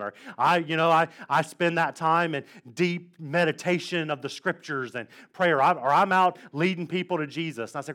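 A man's voice: a little high, a little fast, hardly any pauses, a bit bright. Chatty joking pastor, a man. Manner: chatty, joking storyteller, lots of "like" and "all right?". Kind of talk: casual conversational sermon. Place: church sanctuary.

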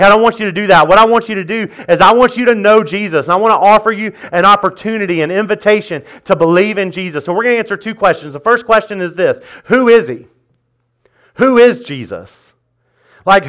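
A man's voice: high-pitched, a bit bright. A male pastor preaching in church, conversational and joking, emphatic as he drives his points. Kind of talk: sermon.

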